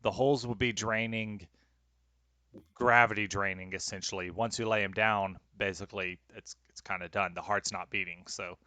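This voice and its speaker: A man serving as game master of a tabletop role-playing game, calmly explaining rules and outcomes. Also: on the low side, normal speed, dry recording. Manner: explanatory, calm rulings.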